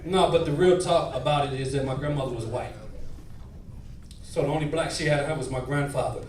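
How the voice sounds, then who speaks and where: A man doing a stand-up comedy set in a nightclub, animated and working the crowd. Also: on the high side, brisk, slight background noise. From northern United States. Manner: animated, switching voices, crowd work. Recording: roomy club from far, crowd.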